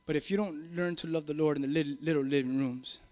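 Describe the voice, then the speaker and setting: A middle-aged man, a pastor preaching a sermon, moving from low musing to loud, emphatic preaching. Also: steady tone, fairly quick.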